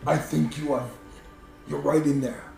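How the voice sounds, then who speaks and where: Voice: medium pitch, flat delivery, unhurried, gravelly, warm tone. A tabletop player answering in character with curt, dry replies. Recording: echoey, distant mic, music behind.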